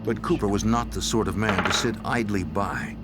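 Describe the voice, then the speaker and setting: A man giving measured, scripted narration for a true-crime documentary. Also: fairly low pitch. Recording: loud music bed under voice-over.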